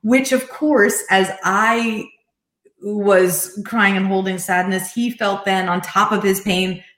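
A middle-aged woman, a life coach, telling a personal story in an earnest, reflective way with soft laughs. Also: medium pitch, steady tone, takes it slowly. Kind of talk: conversational interview storytelling. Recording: echoey room.

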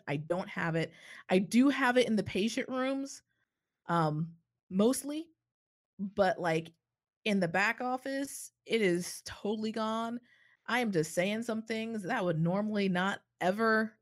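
Pregnant woman, 30s, clinician co-host. Tired, candid, reflective, filler-heavy casual chat. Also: on the low side.

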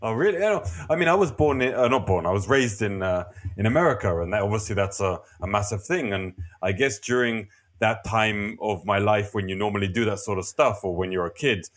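A man co-hosting a podcast in relaxed, casual chat, with a dry, wry sense of humor. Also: on the low side, a little fast, few pauses. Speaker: podcast co-host.

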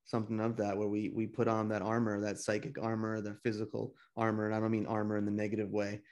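A man's voice: on the low side, monotone, quick pace, a little mellow. A man co-hosting a podcast, thoughtful and casual, with the odd swear word. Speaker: podcast co-host. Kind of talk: conversational talk.

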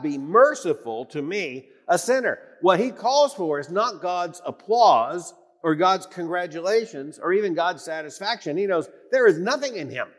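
A man preaching an emphatic sermon in a church, repeating phrases for weight and swinging from loud declarations to hushed tones. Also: a little high. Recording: long reverb of a church hall.

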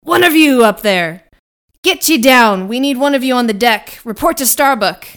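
Captain Ahab, a woman barking as a gruff sea captain. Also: on the high side, normal speed, close to an everyday voice. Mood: commanding. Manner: barking orders. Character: gruff commanding old sea captain, man.

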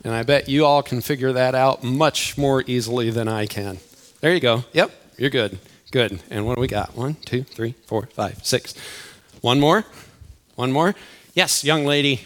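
In a church auditorium, an older man who is a church elder and grandfather playfully chats with the crowd and calls kids up for a game before starting his sermon, addressing everyone directly. His voice is medium in pitch and a bit bright, at a moderate pace.

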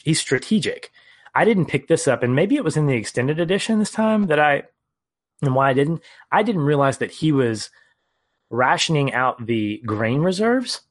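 A man co-hosting a casual film podcast, earnestly retelling scenes and his reactions. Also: medium pitch. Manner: earnest, storytelling recap. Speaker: podcast co-host.

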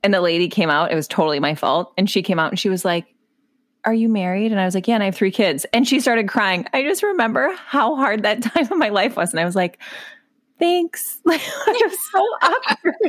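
A woman's voice: medium pitch, animated, fast talker, few pauses. A woman in her thirties co-hosting a podcast in casual chat, reacting and teasing her partner. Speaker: podcast co-host.

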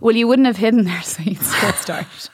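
A woman's voice: on the high side, moderate pace, dry recording, studio quality. A woman hosting a podcast, a chatty, self-mocking storyteller. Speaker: podcast host. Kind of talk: casual chat.

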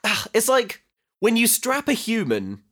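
Deadpan man recapping a movie. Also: very high voice, a little slow. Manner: deadpan retelling, jokey quips. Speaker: podcast co-host. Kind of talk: comedic film recap chat.

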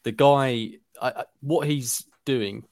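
A man's voice: mid-range voice, a little mellow, no room sound, clean studio sound. A man in a casual football podcast chat, emphatic and opinionated. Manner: emphatic, opinionated, quick to get worked up.

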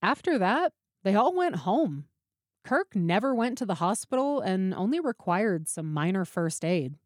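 A woman's voice: mid-range voice, big pitch swings, a little slow, dry recording, studio quality. A woman hosting and narrating a true story and putting questions to her guest. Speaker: podcast host and narrator. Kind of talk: scripted narration with interview questions.

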